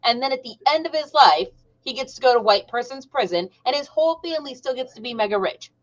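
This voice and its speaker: Lively higher-voiced woman, dull audio. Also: fast talker. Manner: lively, tags points with "right?". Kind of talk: casual chat.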